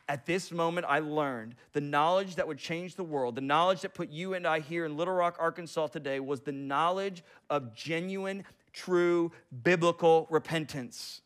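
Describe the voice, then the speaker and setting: A man preaching a sermon, telling stories with acted-out quotes and big swings between loud and quiet. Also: on the high side, moderate pace.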